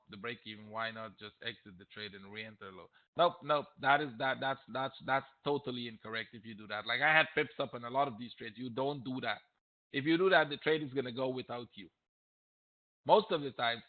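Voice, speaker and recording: A man teaching trading on a live question-and-answer stream, blunt and emphatic, repeating his points and getting heated. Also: mid-range voice. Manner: blunt, emphatic, repeats himself, gets heated and loud at times. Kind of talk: live Q&A webinar. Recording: tinny phone-like audio.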